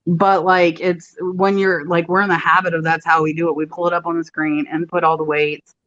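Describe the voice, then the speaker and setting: A woman's voice: on the low side, little pitch movement, fairly quick, a bit bright, no echo. A woman hosting a casual live chat, talking in a loose, chatty way full of fillers as she reads out viewer questions. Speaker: host. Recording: dull lo-fi call line with glitches.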